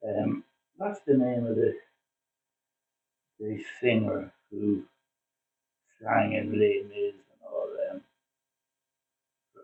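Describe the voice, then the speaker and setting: An older man from Ireland, a former cricketer, reminiscing in a casual interview, telling his stories with plenty of "uh" pauses. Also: lowish voice, gravelly, slight background noise. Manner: chatty storyteller with frequent "uh" pauses. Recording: distant, phone-like, roomy sound.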